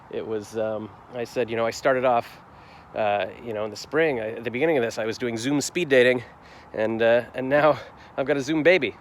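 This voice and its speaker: A man in his forties recapping his day in a rambling, reflective vlog, full of fillers and restarts. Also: medium pitch. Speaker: vlogger. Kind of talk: casual daily vlog recap. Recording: faint street noise outdoors.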